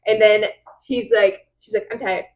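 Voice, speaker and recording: A woman's voice: medium pitch, fairly even intonation, normal speed, poor audio. Chatty woman recapping a book. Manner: rambling retelling with quoted voices. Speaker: podcast host.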